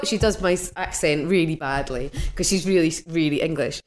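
A woman, a podcast guest telling stories in lively casual chat and laughing often. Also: low voice, fairly quick. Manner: animated, laughs through stories.

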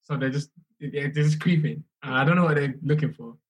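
A young man, a musician telling his story in a casual, animated way, often repeating himself. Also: fairly high pitch, fairly quick. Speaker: musician guest.

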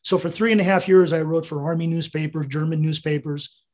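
Speaking briskly in a steady, darkish tone that leans high, an American veteran in his seventies guests on an interview. He wanders through anecdotes, chuckling and repeating lines of dialogue.

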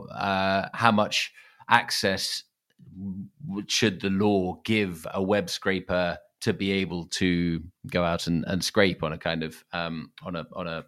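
A man hosting a podcast interview who asks his questions haltingly, searching for words and restarting often. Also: low voice, a bit bright. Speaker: podcast host.

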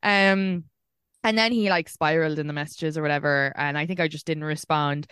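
A young Irish woman hosting a podcast, telling dating stories in a casual video call, animated and swearing freely. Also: deep voice, brisk, smooth, no room sound, clean studio sound. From Ireland. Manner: swearing storyteller, animated retelling. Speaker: podcast host.

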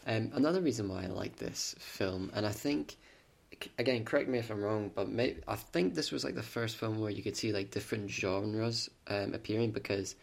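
A young man with a lowish voice and a strong gravelly fry chats casually about films. He is eager and quick to agree, full of short affirmations. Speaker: podcast co-host. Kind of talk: casual chat.

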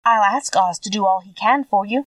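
A woman's voice: mid-range voice, normal speed, no room sound, clean studio sound, distant mic, natural voice. A woman voicing a polite, kind and earnest young girl in a storybook reading. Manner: polite, sympathetic.

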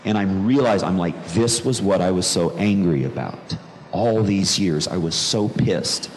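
A man's voice: sits low, a little slow, darkish tone. A man telling a personal story in an earnest, reflective way, repeating phrases for emphasis. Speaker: speaker telling his conversion story. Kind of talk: personal testimony talk. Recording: long reverb in a large room, faint background noise.

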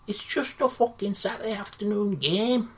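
A woman's voice: mid-range voice, moderate pace, close to an everyday voice. Woman putting on a fumbling male football manager, rambling, hesitant, filler-heavy, comedy sketch. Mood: rousing. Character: flustered male football caretaker manager, modest.

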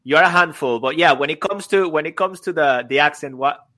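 Lively male co-host. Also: a little high, fairly quick. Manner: enthusiastic, playful, laughs often. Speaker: podcast co-host. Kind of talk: casual podcast chat.

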